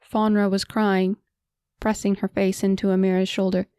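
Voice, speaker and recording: A woman narrating a fantasy audiobook in a measured, dramatic storytelling manner. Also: medium pitch, little pitch movement, mellow, smooth, no room sound, studio quality.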